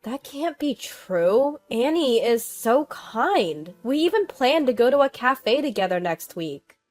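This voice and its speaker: A woman voicing a shaken young mother who speaks in a weak, quiet voice, for a storybook narration. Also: on the high side, sing-song, slow pace, soft background music, pitched above the performer's own voice, exaggerated voice. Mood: hurt.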